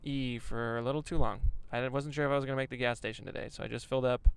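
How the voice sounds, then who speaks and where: A young stand-up comedian drives a moving van while chatting for a vlog, rambling casually with self-deprecating jokes and swearing. His medium-pitched voice is steady, clear and resonant, and he talks fast.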